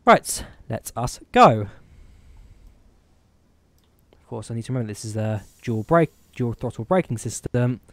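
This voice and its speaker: This young man speaks at medium pitch in an expressive, unhurried way, with long pauses and no echo. His accent mixes Midlands English with Eastern European, and he chats casually, rambling and self-deprecating, as he streams a train simulator and gives gameplay commentary.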